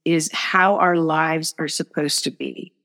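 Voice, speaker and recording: A woman's voice: low voice, fairly even intonation, slow, creaky, fairly bright tone, big-room sound. A woman speaking as a guest author in a faith conversation, earnest and emphatic in how she talks.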